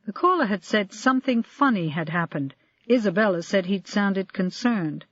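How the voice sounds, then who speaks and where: Audiobook narrator reading a crime novel, even pace, middle pitch, dry muffled audio. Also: normal speed. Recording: dry, slightly dull lo-fi audio.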